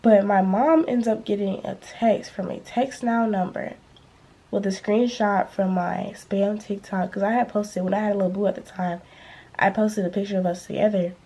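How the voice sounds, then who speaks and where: Husky young woman telling a storytime. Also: medium pitch, normal speed. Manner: animated, slangy storytelling, acting out quotes. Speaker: vlogger. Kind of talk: storytime vlog.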